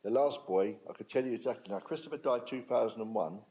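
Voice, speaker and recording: Older man, dark warm tone, emphatic, plain-spoken, speaking to an audience. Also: medium pitch, quick pace, low-quality recording. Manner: blunt, plain-spoken, emphatic, dialect grammar. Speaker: speaker at a talk on restorative justice. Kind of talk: storytelling talk to an audience.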